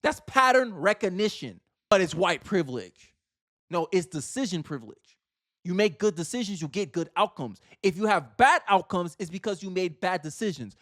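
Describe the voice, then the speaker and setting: A man's voice: sits high, expressive, moderate pace, a bit bright, dry recording, clean studio sound. A man hosting a reaction commentary, talking in an emphatic, argumentative way and repeating phrases for effect. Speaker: commentary host.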